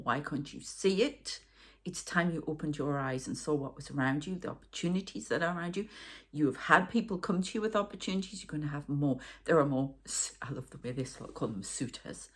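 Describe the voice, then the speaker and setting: A middle-aged woman giving a rambling channelled tarot reading, talking to the viewer and aside to spirits. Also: sits low. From northern England. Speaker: tarot reader and medium.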